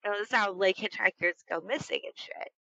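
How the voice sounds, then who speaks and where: A woman's voice: mid-range voice, a little fast, creaky, sharp tone, no echo, lo-fi sound. A woman in her thirties telling a frightening true story in a casual, rambling way, full of fillers and swearing. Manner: tense, keyed-up retelling.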